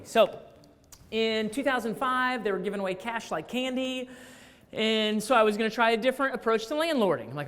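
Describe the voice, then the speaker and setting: High-voiced man telling a story in a hall. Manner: animated, acts out phone calls in quoted voices. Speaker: speaker addressing staff. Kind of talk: storytelling talk to a live audience. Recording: long reverb of a large hall.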